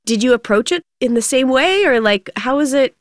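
A woman radio host who asks questions and introduces clips in a brisk interview. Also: high-pitched, expressive, no echo. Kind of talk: radio interview and show sign-off. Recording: dry studio radio recording.

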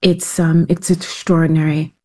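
A woman answers an interview question earnestly and reflectively, starting some phrases over. Her voice is low and mellow. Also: level tone, normal speed. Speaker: interview guest.

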